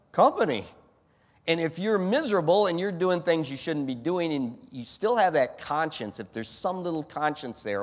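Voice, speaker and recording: A man preaching a sermon in an animated style, who fires off rhetorical questions and acts out scenes. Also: on the high side. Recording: long hall reverb.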